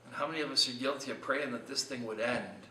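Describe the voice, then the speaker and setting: A man's voice: mid-range voice, fast, pushed and bright, reverberant, far from the mic, slight background noise, rough recording. A man preaching a short devotional sermon in an earnest, conversational way, asking his listeners many questions. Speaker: pastor.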